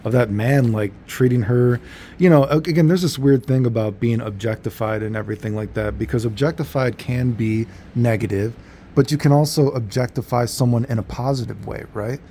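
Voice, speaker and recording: Speaking a little fast in a mellow, mid-range voice, this male vlogger rambles casually through a story, relaxed and prone to fillers and correcting himself. There is slight background noise.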